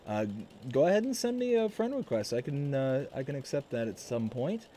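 A young man hosting a live stream, excitedly telling a family story and reading chat, with many fillers and restarts. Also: medium pitch, moderate pace, a little hiss or hum. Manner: reads chat messages aloud.

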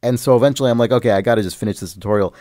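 A man's voice: fairly low pitch, racing, warm tone, no echo, studio quality. A man on a podcast, telling a long, rambling story about a video game in casual chat, often swearing and getting worked up. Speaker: podcast host.

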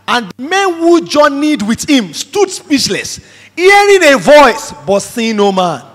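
A man's voice: sits high, a bit bright, slightly rough. A man preaching a sermon emphatically, acting out the voices he quotes. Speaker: pastor. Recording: reverberant hall.

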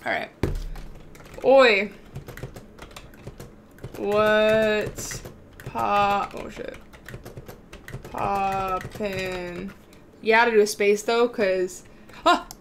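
A woman's voice: mid-range voice, drawn-out words, long pauses, a little hiss or hum. A young woman live-streaming a game, chatting casually, swearing freely and bantering with her chat. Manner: excitable, swears freely, talks back to chat.

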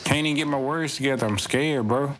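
A man's voice: medium pitch, fairly quick, fairly bright tone. Man, let's play commentary, rambling jokey talk, game noise behind. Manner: rambling, joking, says bro constantly. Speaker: gaming streamer. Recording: game audio playing under voice.

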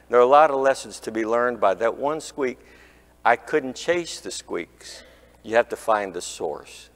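A man preaching, telling a folksy, humorous anecdote and imitating squeaks. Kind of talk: sermon storytelling. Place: church sanctuary. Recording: long church reverb.

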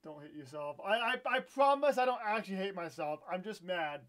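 Young man, high voice, excitable, swears a lot, live game-stream chatter. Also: fairly quick, hardly any pauses. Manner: excitable, swears, outbursts of frustration. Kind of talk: live gameplay stream commentary.

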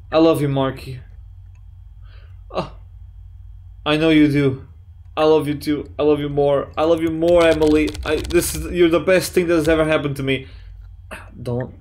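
A man giving excitable, jokey let's play commentary, swearing often and reading chat messages aloud in playful voices. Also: fairly high pitch, slight background noise. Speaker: gaming YouTuber.

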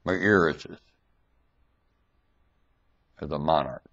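A man talking straight into his webcam mic in a monologue rant, swinging between loud emphatic outbursts and low muttering. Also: slow, muffled recording.

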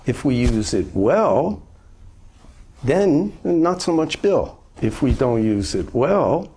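A man in his seventies speaks as a Zen master, telling stories in a relaxed, gently humorous way. His voice is a little husky, and his pitch moves in a lively way through each phrase. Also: slow pace. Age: 70s. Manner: conversational, gently humorous storytelling. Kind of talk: informal dharma talk answering a question.

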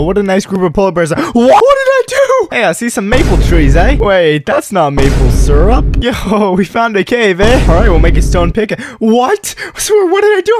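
A man putting on a mock Canadian accent, talking loud and high and tagging lines with "eh". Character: cheerful loud Canadian-joking young man. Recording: background music.

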